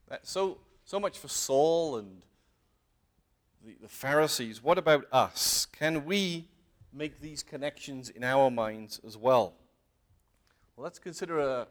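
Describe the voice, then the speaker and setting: A man's voice: medium pitch, a bit bright. A man giving an earnest sermon to a congregation, often posing questions and pressing his points with emphatic rises. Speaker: lay preacher. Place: meeting hall with congregation.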